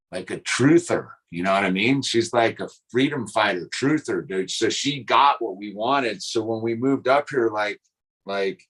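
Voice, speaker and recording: A man's voice: lowish voice, fairly bright tone, low-quality recording. A man chatting casually on a live stream, rambling in a laid-back way and dropping "dude" and "like" into most sentences. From California. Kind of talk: casual chat.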